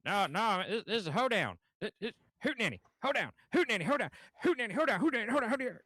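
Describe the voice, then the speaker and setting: A man voicing an excitable rural Southern man in a squabble, rattling off repeated words faster and higher. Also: dry recording. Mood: bickering. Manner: rising, fast, repetitive shouting.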